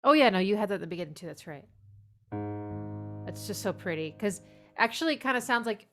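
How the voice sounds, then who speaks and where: A woman's voice: mid-range voice, expressive, a little fast. Enthusiastic woman reviewing a song. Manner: enthusiastic, warm praise, hums melodies along. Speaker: music teacher giving song feedback. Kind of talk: casual spoken critique over playback. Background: music playing.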